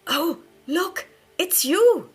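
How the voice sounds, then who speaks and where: A woman's voice: extremely high pitch, lively intonation, very slow, voice pushed up, exaggerated voice. A woman voicing a small, friendly gargoyle guard who talks eagerly. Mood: excited.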